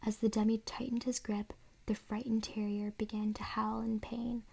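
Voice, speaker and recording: A woman reading a children's horror story aloud in a soft, unvoiced whisper, as whispered role-play. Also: a little high, level tone, normal speed, creaky, slightly rough. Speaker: ASMR reader.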